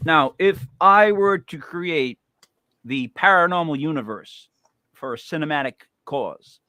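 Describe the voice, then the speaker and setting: A man's voice: a little high, expressive, unhurried, sharp tone, no echo. A man hosting a podcast, talking in a casual, joking and emphatic way. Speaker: podcast host. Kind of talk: casual comedic chat.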